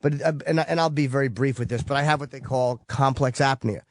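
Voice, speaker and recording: A man's voice: mid-range voice, brisk, no room sound, clean studio sound. A tired, cranky man hosting a call-in show, talking bluntly and cursing a lot as he rants, with a New York accent. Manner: blunt, profane, ranting. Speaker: host.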